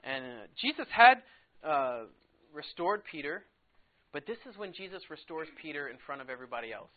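A man teaching a casual Bible lesson to a class in a classroom, chatty and quick to laugh, saying "like" a lot. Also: on the high side, big pitch swings. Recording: tinny phone-like sound.

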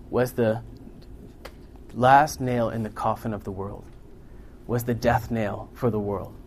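A man preaching a sermon to a congregation in a room, earnest and building to loud, emphatic peaks. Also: medium pitch, a little hiss or hum.

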